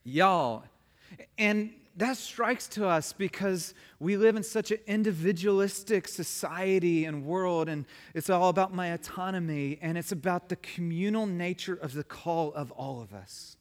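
Pastor preaching in a reverberant hall. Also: male voice, high-pitched, moderate pace, hardly any pauses. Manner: emphatic preaching, rising and falling in force. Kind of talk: sermon. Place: church sanctuary. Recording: long reverb of a church hall.

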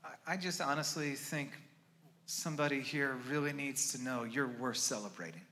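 A man preaching a sermon as a pastor, swinging from loud urgent pleading to quiet, hushed storytelling. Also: mid-range voice, normal speed.

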